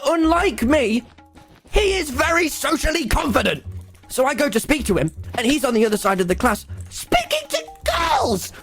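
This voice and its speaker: A man telling a comedic story to his viewers, acting out the dialogue and laughing a lot. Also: sits high. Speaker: video creator.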